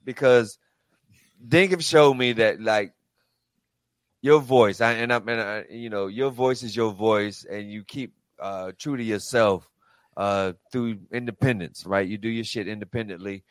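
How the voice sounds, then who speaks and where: Low-voiced man hosting, dry and loose. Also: measured pace, dry recording. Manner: profane, loose, questioning the group. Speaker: podcast host. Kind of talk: casual group chat.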